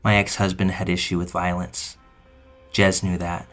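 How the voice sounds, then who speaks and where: A man reading a true first-person story aloud in measured, scripted narration. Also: sits low, little pitch movement, a bit bright. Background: faint music.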